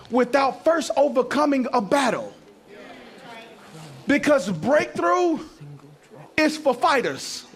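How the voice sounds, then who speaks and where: A middle-aged male pastor preaching a sermon to a church congregation, using call-and-response and building up to shouting. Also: very high-pitched. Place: church sanctuary.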